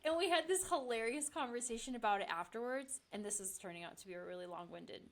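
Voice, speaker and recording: Woman podcast guest, rambly and giggly, highish voice, super casual. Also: fast. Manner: chatty, laughs often, many fillers. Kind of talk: casual chat.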